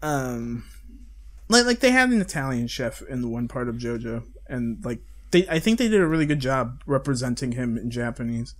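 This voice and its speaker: A man's voice: mid-range voice, big pitch swings, moderate pace. A young man chatting casually with friends on a podcast, rambling and swearing freely. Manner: rambling, swears freely, full of fillers and restarts. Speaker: podcast host. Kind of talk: casual chat among friends.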